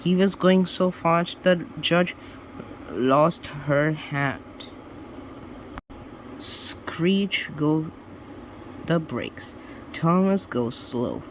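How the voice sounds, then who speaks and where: A man reading children's storybooks aloud, slowly and deliberately, with small slips and restarts. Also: fairly high pitch, slight background noise, low-quality recording. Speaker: storybook reader.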